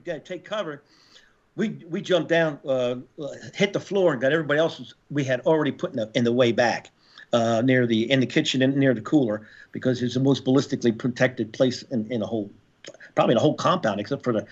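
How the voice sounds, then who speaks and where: A man's voice: mid-range voice, fast talker. Profane older man telling war stories. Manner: profane, animated war storytelling with shouted reenactments. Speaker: podcast guest, former Marine. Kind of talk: casual storytelling interview. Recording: slightly dull podcast audio.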